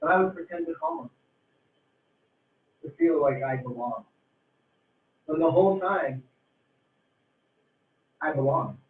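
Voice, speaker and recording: Stretching his words to hammer home each point, a man delivers a repetitive, forceful motivational talk to a group. He's a motivational speaker with a fairly high, sing-song voice, speaking a little slowly and pausing often, captured on a tinny, roomy recording far from the mic.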